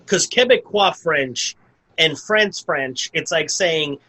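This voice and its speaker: Bright-voiced man rambling through a movie recap. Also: fairly high pitch, lively intonation, takes it slowly, poor audio. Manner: rambling, full of "like" and restarts. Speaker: podcast co-host. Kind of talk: casual movie review chat.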